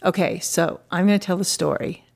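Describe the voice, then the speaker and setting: A woman's voice: lowish voice, steady tone, fairly quick, creaky. A middle-aged woman artist, a guest in an interview, telling a story in a chatty way full of "you know" fillers. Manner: chatty, lots of "you know" fillers, acts out quoted voices.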